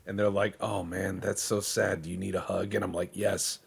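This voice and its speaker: A man's voice: low voice, flat delivery, vocal fry, breathy edge. A man giving rambling, joking gameplay commentary, acting out imagined conversations and muttering to himself while he works the menus. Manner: joking, acts out imagined dialogues in quick quoted voices.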